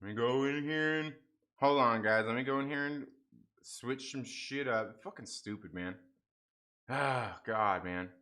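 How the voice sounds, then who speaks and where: A young man talks loosely to his livestream audience with a bright, forward voice. He curses and mutters through a technical mix-up, then reads out viewer comments in easy, unscripted chat. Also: mid-range voice, measured pace. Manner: frustrated, swearing, laughing off a stream mix-up. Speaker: livestream host.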